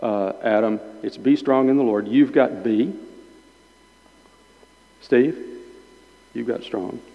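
Chewing gum, a pastor teaches a small-group Bible lesson slowly in a medium-pitched voice with vocal fry. It's an informal teaching sermon where he thinks out loud and frequently repeats himself, captured in dull lo-fi sound with lengthy hall reverb.

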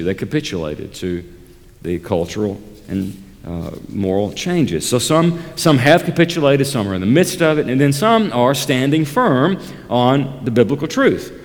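Emphatic male preacher in a reverberant hall. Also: medium pitch. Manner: deliberate, emphatic preaching with repeated phrases. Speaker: pastor. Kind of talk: sermon.

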